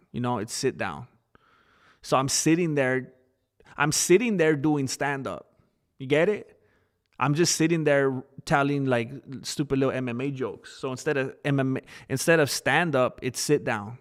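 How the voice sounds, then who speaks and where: A man chatting casually on a live stream, rambling about fighting and snacks, laughing often and answering his chat. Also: medium pitch.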